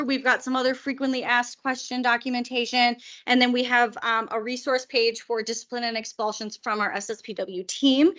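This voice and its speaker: A hoarse woman presenting at a conference, explaining in a chatty way with joking asides. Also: a little high, fairly bright tone. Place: conference room.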